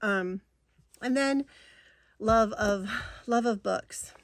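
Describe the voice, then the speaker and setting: A woman's voice: mid-range voice, drawn-out words, no echo. A middle-aged woman from New England chatting casually as she shows off fabric and projects, gushing and rambling with asides. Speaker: stitching vlogger. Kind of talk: casual show-and-tell chat.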